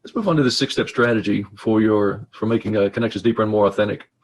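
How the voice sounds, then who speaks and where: Husky-voiced man giving a webinar talk. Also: lowish voice, fairly even intonation, fast talker. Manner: conversational, repeats himself. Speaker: speaker. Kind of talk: webinar presentation.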